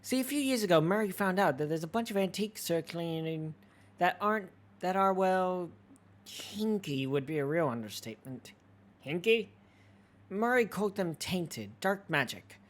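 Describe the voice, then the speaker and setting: A game streamer voicing a friendly, earnest young woman who runs an antique shop, in a soft, quiet voice. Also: mid-range voice, animated, normal speed, lightly acted.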